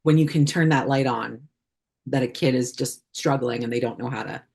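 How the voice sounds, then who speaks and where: Low-voiced woman chatting with fillers. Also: normal speed, creaky, a little mellow, husky. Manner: chatty, many fillers and restarts. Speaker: puppeteer guest. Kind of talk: casual interview chat.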